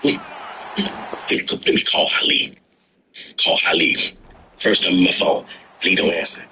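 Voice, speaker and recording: A man telling tour stories in a casual chat, animated and slangy, swearing freely and breaking into loud outbursts. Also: low voice, moderate pace, slight background noise, rough recording. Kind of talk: casual storytelling.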